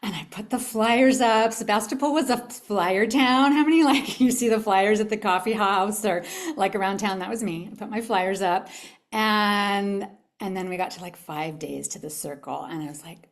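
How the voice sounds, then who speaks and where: A woman's voice: on the high side, moderate pace. A woman giving a motivational talk at a live event, telling her own story with animation and asking the audience questions. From California. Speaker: summit speaker.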